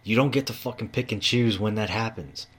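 A man with a fairly low voice rants about work. He swears constantly and circles back over the same words. He sounds heated and worked up. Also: a little fast, a bit bright, husky. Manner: profane, heated, repetitive. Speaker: manual tradesman. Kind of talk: ranting monologue.

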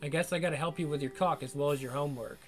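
A man's voice: a little high, racing, soft background music, natural voice. A teasing older woman tutor, as a male reader puts her on. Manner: teasing, sultry. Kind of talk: adult audiobook narration.

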